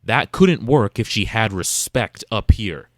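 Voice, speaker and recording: Man host, lowish voice, blunt and preachy commentary, dry close sound. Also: animated, measured pace, no room sound. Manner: blunt and emphatic, lecturing other men. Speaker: reaction video host. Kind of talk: casual commentary to the camera.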